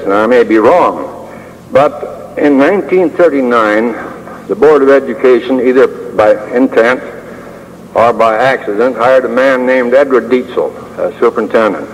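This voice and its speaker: An older man delivers a prepared talk in a measured, dryly humorous way, often pausing with a soft uh. His voice sits at an ordinary middle pitch. It carries a long hall echo over a faint hiss. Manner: measured, with dry humor and frequent uh pauses. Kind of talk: prepared speech.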